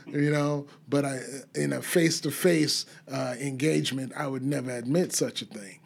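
A frank, blunt man with a fairly high voice talks about recovery on a casual podcast. He laughs easily and speaks plainly about his own mistakes. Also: steady tone, measured pace, creaky, a little mellow.

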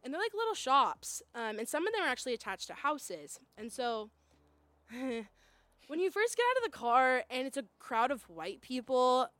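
Animated high-voiced young woman storyteller. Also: moderate pace, no echo. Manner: animated, acts out quoted voices, laughs often. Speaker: guest storyteller. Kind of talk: casual storytelling chat.

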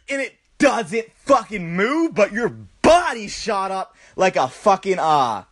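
A young man rambling through a vulgar comic story, loose and profane, with "bro" in nearly every breath. His voice is high for a man and leaps all over the place as he acts things out. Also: big pitch swings, measured pace, hardly any pauses, a bit bright. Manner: profane, loose, peppered with "bro" and sound effects. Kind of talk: crude comedic storytelling rant.

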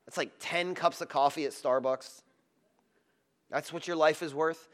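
A man preaching a sermon, moving between loud, emphatic lines and soft, hushed passages. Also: fairly high pitch, steady tone, unhurried, long pauses. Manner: dramatic, swinging from loud emphasis to hushed tenderness. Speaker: pastor.

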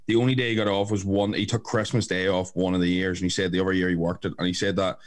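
A fast-talking man in relaxed podcast chat. He rambles through frank anecdotes, full of likes and restarts. His voice sits on the lower side. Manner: rambling, frank storytelling with many fillers. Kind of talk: casual chat.

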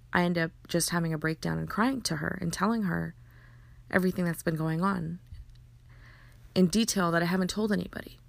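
Telling a personal story in earnest, a woman acts out the dialogue and frequently starts her sentences over. Her voice is lowish and gravelly, and the recording is dry.

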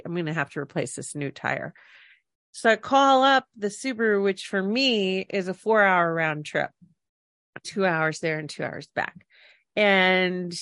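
A woman's voice: fairly low pitch, a bit bright, no room sound, clean studio sound. A woman co-hosting a podcast, telling a casual, rambling anecdote with restarts and self-corrections. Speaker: podcast co-host. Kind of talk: casual storytelling chat.

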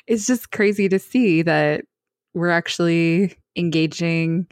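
A woman's voice: lowish voice, slow pace, no room sound, studio quality. A young woman from Canada co-hosting a podcast in casual chat, laughing often and telling stories with animation. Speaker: podcast co-host.

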